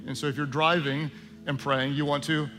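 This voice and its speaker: A male pastor preaching a sermon in a conversational style with joking asides, slowing down for prayer. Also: on the high side, level tone, music in the background.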